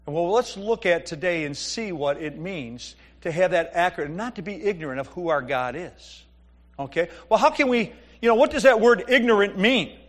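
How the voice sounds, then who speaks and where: Animated and fairly bright, a middle-aged pastor's high voice moves at a moderate pace. He delivers a sermon in a conversational way, alternating Bible passages with playful stories about his family.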